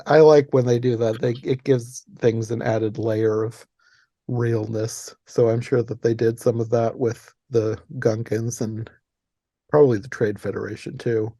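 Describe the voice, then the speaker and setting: Male podcast host, relaxed mellow tone, dry studio sound, chatty retelling of plot. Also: medium pitch, a little slow, no echo. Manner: animated, laughs often, retells plot details. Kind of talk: casual movie podcast chat.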